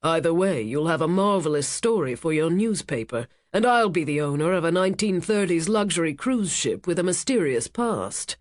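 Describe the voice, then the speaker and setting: A narrator voicing a rich casino owner, a man who speaks with smooth, menacing charm. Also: medium pitch, expressive, moderate pace, hardly any pauses, no echo, studio quality, close to an everyday voice. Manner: smooth, commanding, cutting. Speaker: cruise ship owner.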